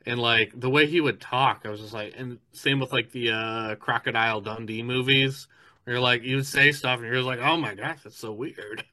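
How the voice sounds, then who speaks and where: A man's voice: medium pitch, fairly even intonation, a little fast, sharp tone. A man telling a story in casual podcast chat, rambling with lots of fillers and restarts.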